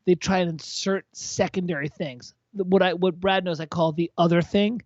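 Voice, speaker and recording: A man's voice: sits high, fairly even intonation, normal speed, darkish tone, no echo. Blunt, profane tipsy man. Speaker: co-host reviewing viewer compositions. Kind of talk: casual tipsy livestream chat. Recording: dull lo-fi dry sound.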